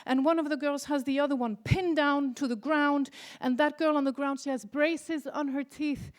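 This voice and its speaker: A young woman doing a stand-up comedy set on a convention stage, telling stories with loud excited outbursts. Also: sits high, moderate pace. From Iceland. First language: Icelandic.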